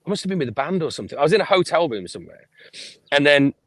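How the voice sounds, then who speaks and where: A man, a podcast guest telling lively stories about his life and swearing freely. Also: on the high side, rapid-fire, slightly rough, no room sound. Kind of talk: casual storytelling interview.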